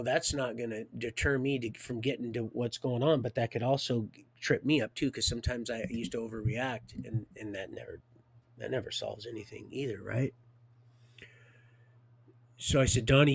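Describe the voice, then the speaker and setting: A middle-aged man telling a rambling personal story on a livestream, halting with many restarts and swinging from quiet to loud. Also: medium pitch.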